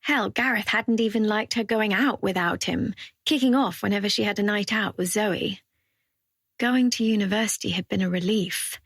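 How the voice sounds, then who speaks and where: A woman reads an audiobook thriller in an even, measured way. Her voice has a gravelly fry and a husky grain. The recording is close and dry. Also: mid-range voice, no room sound. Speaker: audiobook narrator. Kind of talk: scripted narration.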